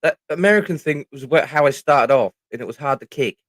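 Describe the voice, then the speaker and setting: A man's voice: on the high side, animated, a little fast, dry recording. A middle-aged man with a British accent, chatting casually on a livestream, rambling and swearing freely. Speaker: livestream host.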